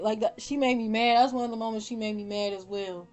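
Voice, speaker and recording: A young woman vlogger giving casual, opinionated commentary, animated and blunt, often laughing and swearing. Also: on the high side, fast talker. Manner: animated, swears, laughs often, mimics her own reactions. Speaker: vlogger ranking reality show contestants.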